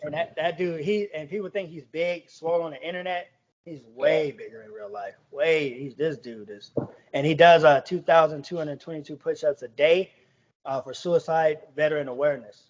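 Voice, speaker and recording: A young man tells a story on a podcast in easy slang, slipping into the voices of the people he quotes. His voice sits a little high for a man. The recording sounds dull and lo-fi. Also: normal speed, a little hiss or hum. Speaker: guest chef. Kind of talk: casual podcast chat.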